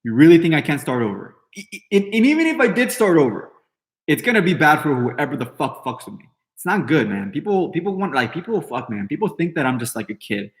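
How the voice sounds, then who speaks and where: A man's voice: fairly high pitch, big pitch swings, a little fast. Brash swearing man in his thirties. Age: 30s. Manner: brash, heavy swearing, rambling with fillers. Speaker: podcast host. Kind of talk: casual live-stream talk, answering chat.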